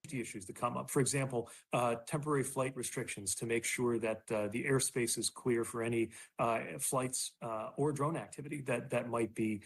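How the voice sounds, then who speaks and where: A government official speaking at a press briefing, measured and halting, pausing with fillers. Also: male voice, mid-range voice, fairly even intonation, slightly rough.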